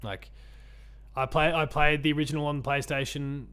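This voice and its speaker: A man's voice: on the high side, steady tone, moderate pace, fairly bright tone, clear, resonant tone. A man from Australia co-hosting a casual chat podcast, rambling with many ums and restarts. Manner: rambling, lots of ums and restarts, laughs often. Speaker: podcast co-host.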